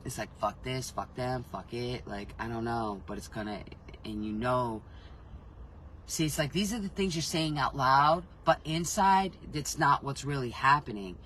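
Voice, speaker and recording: A man's voice: mid-range voice, lively intonation, moderate pace, a bit bright, a little hiss or hum, rough recording. A man with an ordinary mid-range voice gives a casual spiritual reading in a loose, rambling way. He reacts openly with his feelings, restarts his sentences often, and swears without hesitating. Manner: rambling, self-interrupting, swears freely; frank, emotionally reactive. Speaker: intuitive reader.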